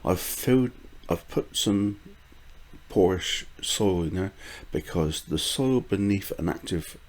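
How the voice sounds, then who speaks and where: An older British gardening vlogger sounds animated yet slow-paced, his low voice slightly mellow. He rambles along casually with frequent fillers, restarts and small chuckles.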